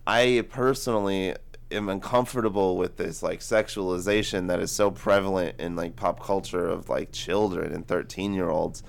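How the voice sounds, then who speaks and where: A man's voice: low voice, fairly even intonation, normal speed, gravelly. A man in his twenties co-hosting a book podcast, rambling casually with lots of filler words. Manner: rambling, heavy use of "like". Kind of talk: casual chat.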